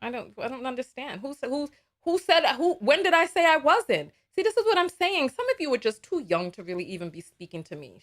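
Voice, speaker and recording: A woman's voice: high voice, very animated, brisk. A woman hosting a live reaction stream, reading viewer comments in a blunt, exasperated way and often repeating herself. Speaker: livestream host.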